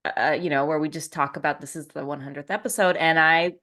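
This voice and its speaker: A woman's voice: deep voice, fairly even intonation, fast talker, pushed and bright. A woman co-hosting a podcast in casual chat, teasing and sincere by turns. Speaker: podcast co-host and author.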